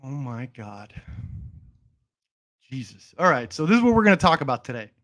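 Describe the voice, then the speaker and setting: A man's voice: mid-range voice, very animated, normal speed, a bit bright, soft background music. A young man hosting a casual livestream who jokes around in a playful, mock-boastful way and talks straight to his chat. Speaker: livestream host.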